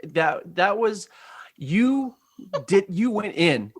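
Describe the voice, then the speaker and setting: A podcast co-host chatting in an animated, teasing way, often laughing. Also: mid-range voice, extremely slow, husky, no room sound, studio quality. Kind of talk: casual chat.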